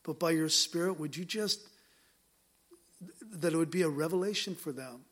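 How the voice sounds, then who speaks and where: A man's voice: a little high, moderate pace, a bit bright. A man as a pastor, earnestly preaching and then praying aloud in a church, with repeated, pleading appeals. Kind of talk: sermon and closing prayer. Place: church sanctuary.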